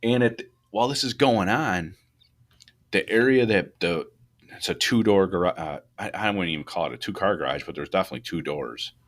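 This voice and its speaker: Deep-voiced rambling firefighter man. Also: fairly quick. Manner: loose and rambling, many restarts, rising pitch when animated. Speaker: podcast co-host, fire truck company boss. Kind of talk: casual shop talk about firefighting.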